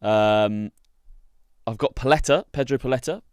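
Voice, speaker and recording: A man's voice: mid-range voice, unhurried, clean tone, no room sound, clean studio sound. A young man co-hosting a podcast, bantering and teasing in casual chat. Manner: teasing, banters, calls people bro and mate. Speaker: podcast co-host. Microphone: podcast studio mic.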